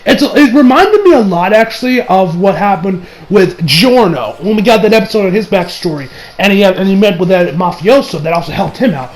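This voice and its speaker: A man's voice: sits high, lively intonation, brisk, hardly any pauses, poor audio. An American man, a young adult, recapping an anime episode in a rambling, profane, casual way, with many fillers and restarts. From United States. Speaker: anime reviewer.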